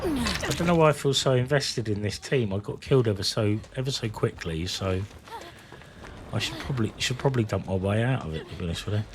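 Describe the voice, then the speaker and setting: A lower-voiced streamer talks through his game in a loose, rambling way and chats to his viewers as he plays. Steady noise sits under his voice the whole time. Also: fairly quick. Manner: rambling, chatty, talking to viewers in chat. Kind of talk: live gameplay commentary.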